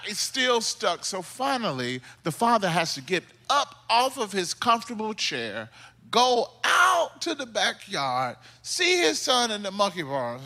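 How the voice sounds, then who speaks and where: Animated, bright-voiced male preacher. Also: high-pitched, a little slow. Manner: animated, comic storytelling preacher. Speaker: pastor. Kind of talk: sermon. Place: church.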